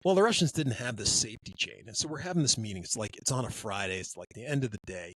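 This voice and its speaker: A man co-hosting a podcast, telling a long story in a rambling, animated way. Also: mid-range voice, fast, husky, dry recording, poor audio. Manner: rambling, animated, acts out quotes. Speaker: podcast co-host. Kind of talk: casual storytelling.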